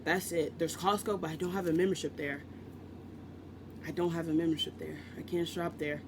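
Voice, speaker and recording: Man from the US, book vlogger, loose chatty delivery, pitched high. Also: flat delivery, normal speed, background noise. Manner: chatty, self-interrupting, joking asides. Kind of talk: casual rambling vlog chat.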